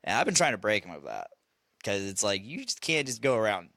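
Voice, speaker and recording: A man's voice: fairly low pitch, big pitch swings, fairly quick, gravelly, sharp tone, dry recording. A man telling a parenting story on a casual podcast, swearing and laughing as he goes. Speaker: podcast host; father.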